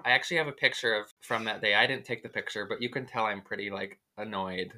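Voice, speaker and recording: Man telling a story in a bright voice. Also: lowish voice, quick pace. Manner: rambling, filler-heavy, animated retelling. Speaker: podcast co-host. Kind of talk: casual storytelling chat.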